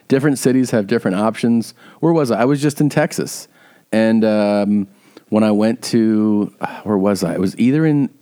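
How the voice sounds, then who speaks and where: A man's voice: lowish voice, mellow. A man hosting a podcast, telling loose, rambling stories with casual swearing. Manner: loose, rambling, profane storytelling. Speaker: podcast host.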